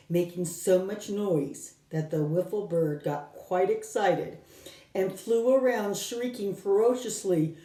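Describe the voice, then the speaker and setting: A woman teacher reading a storybook aloud to her class in a slow, expressive manner. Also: lowish voice. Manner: slow, expressive read-aloud with lively voicing. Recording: roomy, from a distance.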